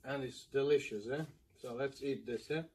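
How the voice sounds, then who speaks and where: A man's voice: mid-range voice, fairly even intonation, very noisy. A man from Madeira with a Portuguese accent, hosting a casual eating video, switching between Portuguese and English and often checking in with viewers. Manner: drawn-out "mm" sounds while eating. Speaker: mukbang host.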